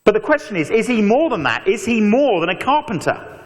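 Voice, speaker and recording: A man preaching an animated evangelistic talk, telling stories with mock voices and asides. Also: high-pitched, brisk. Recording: long echo of a large hall.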